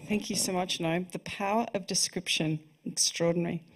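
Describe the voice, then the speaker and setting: A woman's voice: fairly low pitch, steady tone, normal speed, rough recording. A woman hosting a book launch, giving formal introductions of the readers with a few fillers. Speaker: event host.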